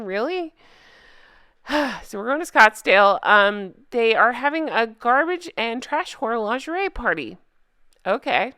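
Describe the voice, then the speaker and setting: A woman's voice: on the high side, fairly bright tone, clean tone, dry recording, clean studio sound. A woman recapping reality TV on her own channel, rambling and giggling as she talks straight to her viewers. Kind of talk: casual chatty recap.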